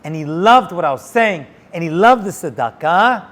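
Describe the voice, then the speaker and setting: A male rabbi telling a story in an animated way, dropping Hebrew and Yiddish words as he goes. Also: high-pitched, normal speed. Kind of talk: storytelling talk.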